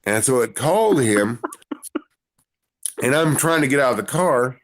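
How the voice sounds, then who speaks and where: A man's voice: mid-range voice, expressive, unhurried. A man, a musician guest on a podcast, telling rambling stories in casual conversation. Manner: rambling storyteller. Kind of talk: casual interview chat.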